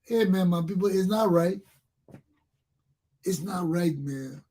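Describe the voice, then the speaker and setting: Speaking slowly in a high, mellow voice, this man addresses his listeners as a talk show host. He has a Liberian English accent and offers passionate political commentary, circling back to repeat his points.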